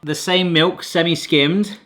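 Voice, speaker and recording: A man's voice: on the high side, steady tone, slow, a bit bright. A middle-aged man from Bristol with a mild Bristolian accent, hosting a cooking vlog and chatting jokily while he cooks and tastes in a home kitchen. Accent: mild Bristolian English. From Bristol, England. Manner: chatty and jokey, talks while cooking and tasting. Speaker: cooking video host. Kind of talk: casual cooking vlog chat.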